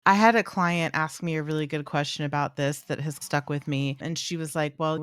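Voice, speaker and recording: Low-voiced woman, dry close sound. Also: no room sound. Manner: animated, fills with "like", voices dogs in playful asides. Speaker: podcast co-host, dog trainer. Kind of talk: casual conversational chat.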